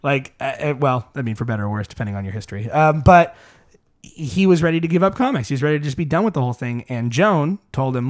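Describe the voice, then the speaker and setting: A male podcast host talks in a loose, rambling way, piling up ums and uhs and restarting his thoughts as he goes. His voice sits at an ordinary middle pitch. It sounds like relaxed, unscripted chat among friends. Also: quick pace. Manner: rambling, many fillers and restarts.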